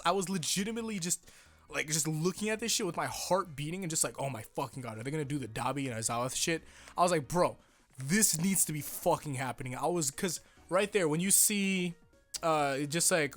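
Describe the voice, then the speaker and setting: Young male anime reviewer, slightly high voice, rambling and profane, over faint background music. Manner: excitable, rambling, heavy swearing. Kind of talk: casual episode review.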